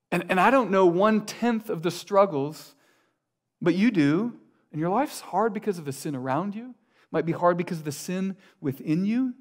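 High-voiced male pastor preaching earnestly. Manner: earnest, building repetition with sudden quiet drops. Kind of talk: sermon.

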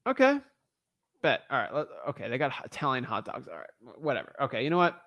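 A real estate wholesaler with a mid-range voice talks fast in a casual vlog, with no room sound. He jokes with his viewers and thinks aloud while browsing listings, animated and talking to himself.

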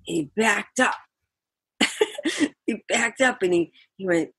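An older woman from the Boston area, a musician guest telling an animated story, laughing often and acting out quotes. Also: mid-range voice, slow, pauses often, slightly rough, no room sound. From Boston area, USA. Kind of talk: storytelling interview.

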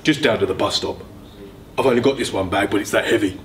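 A man reading a story aloud and voicing a sinister stranger in disguise, speaking low and wheedling. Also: fast talker, a little hiss or hum, close to an everyday voice. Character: sinister disguised man posing as big woman.

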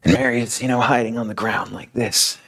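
A man's voice: medium pitch, steady tone, fairly quick, vocal fry, a bit bright, slightly rough, poor audio. A man giving a sermon as a casual, conversational retelling of a story. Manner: casual, filler-heavy retelling. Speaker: speaker.

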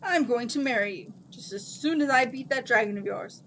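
A woman reading the part of an eager young male knight in a storybook, earnest and quick to take offense. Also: on the high side, lively intonation, a bit bright, slight background noise. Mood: indignant.

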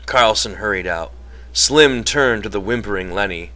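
Bright-voiced male audiobook narrator. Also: on the low side, normal speed. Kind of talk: novel reading.

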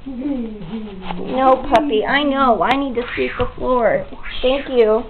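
A woman's voice: high-pitched, very animated, very slow, pauses often, heavy background noise. Chatty woman on a tinny home video. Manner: chatty, laughing, coaxing the puppies. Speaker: pet owner filming puppies. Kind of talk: casual home video chat. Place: indoors at home.

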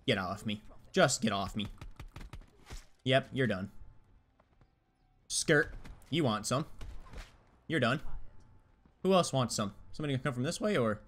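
A man's voice: mid-range voice, expressive, measured pace, long pauses, a bit bright. A young man giving live gameplay commentary, trash-talking opponents in a hyped, slangy way. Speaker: gaming YouTuber.

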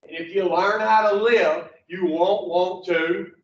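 Leading a recovery program lesson, a man speaks slowly in a high-pitched, steady tone, mixing bluntness, profanity, and jokes into folksy storytelling. The audio sounds distant, roomy, and muffled.

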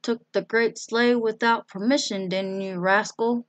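Woman putting on a gruff grumpy old man. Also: a little high, steady tone, unhurried, dry recording, lightly acted. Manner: gruff, curt.

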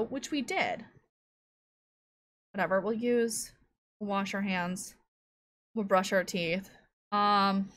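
A woman's voice: mid-range voice, fairly bright tone. A woman giving casual gameplay commentary at home into a desk microphone, chatting as she thinks aloud and cooing to her cat. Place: home room at a computer.

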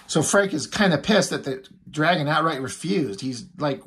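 A man's voice: fairly high pitch, expressive, moderate pace, few pauses, fairly bright tone, slightly rough. A man casually recapping a comic book as a reviewer, rambling with lots of fillers.

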